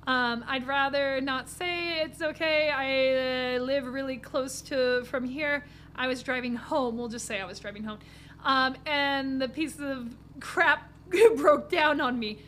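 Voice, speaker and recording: A woman's voice: high voice, slow pace, sharp tone, a little hiss or hum. A young woman streaming a horror game live, giggling and reading the game's dialogue aloud in a playful way. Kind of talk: live gameplay commentary.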